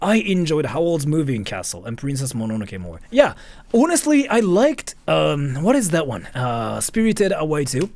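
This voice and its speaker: A man's voice: a little high, big pitch swings, moderate pace, a little mellow, dry recording. A man streaming a casual chat, rambling with lots of fillers while reading out donations. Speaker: livestreamer.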